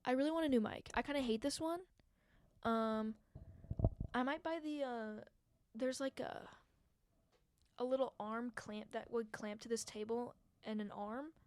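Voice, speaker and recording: A woman's voice: a little high, unhurried, darkish tone, slight background noise. A young woman hosting a solo podcast, chatting casually and rambling with lots of fillers and self-mocking asides into a handheld mic. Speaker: podcast host.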